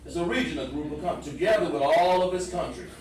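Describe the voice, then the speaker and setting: A man's voice: fairly high pitch, quick pace, crowd noise. A man teaching a scripture class. He explains the meaning of words step by step and talks directly to the people listening. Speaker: religious teacher. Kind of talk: live-streamed scripture class. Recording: very echoey room, far from the mic.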